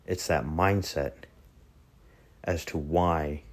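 A man's voice: extremely low pitch, steady tone, takes it slowly. A man giving an earnest sermon and leading a prayer, repeating phrases for emphasis. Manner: earnest, preaching with repetition. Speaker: preacher.

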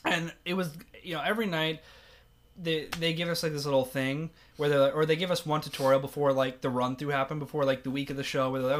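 A young man talking quickly in a slightly high voice. He swaps stories in a casual podcast chat and bursts into loud, animated quotes. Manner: animated storyteller, acts out quotes loudly. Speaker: podcast co-host.

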